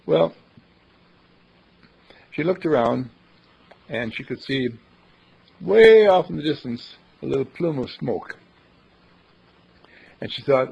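Gravelly husky man telling a folksy story. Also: medium pitch, expressive, slow, pauses often, a little mellow. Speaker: university dean giving a radio thought for the day. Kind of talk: storytelling talk. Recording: dull lo-fi recording.

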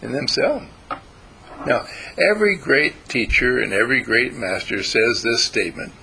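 A man giving a spiritual talk to a group, halting and repeating words as he teaches. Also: mid-range voice, sing-song, vocal fry, pushed and bright, a little hiss or hum, low-quality recording. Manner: halting, repeats words, acts out quoted voices.

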